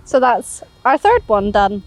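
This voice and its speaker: Woman, fairly high voice, chatty, laughs a lot, casual cooking demo, outdoors. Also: sing-song, unhurried. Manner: chatty, laughs often, explains steps. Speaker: co-presenter, cooking on the bank. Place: outdoors on a fishing bank.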